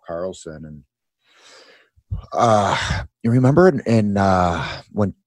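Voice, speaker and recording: A man co-hosting a podcast about hockey, who played the game himself, talking in a relaxed way. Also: deep voice, dry recording, studio quality. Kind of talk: casual hockey chat.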